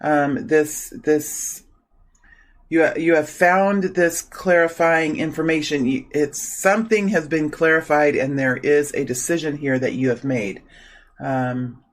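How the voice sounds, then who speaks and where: A man with a slightly high voice gives a solo tarot reading. He speaks softly in his morning voice and repeats his invocations over and over as he shuffles the cards. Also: fairly even intonation, a little slow, poor audio. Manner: soft-spoken, repeats invocations while shuffling. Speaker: tarot reader.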